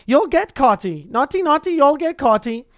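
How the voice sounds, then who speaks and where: A reader voicing a mischievous male poltergeist in a taunting sing-song manner, high and loud. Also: expressive, moderate pace, dry recording, studio quality.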